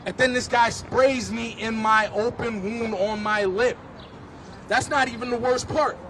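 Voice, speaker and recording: A man's voice: very high-pitched, steady tone, unhurried, fairly bright tone, a little hiss or hum. A man speaking at a street march, telling his own story in vivid, impassioned testimony. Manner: vivid storytelling, rising to emphatic pleas. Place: outdoors on a city street.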